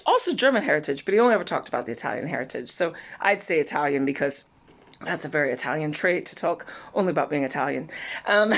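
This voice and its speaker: A middle-aged woman from Saint Louis chatting casually in her vlog, rambling and often laughing. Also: lowish voice. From Saint Louis, USA. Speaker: vlogger. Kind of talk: casual chat.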